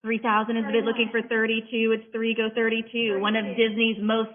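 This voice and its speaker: An auctioneer calling bids at a live auction in a rapid-fire chant, mixing in playful patter between the numbers. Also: mid-range voice, completely flat delivery, a crowd in the background. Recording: tinny phone-like audio.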